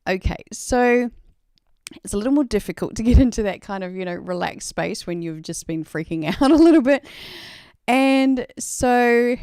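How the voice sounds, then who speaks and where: A woman's voice: a little high, animated, normal speed, a little mellow, smooth, no room sound, studio quality. An Australian woman hosting a live stream, telling a story in a rambling, chatty way full of "like" and "you know.".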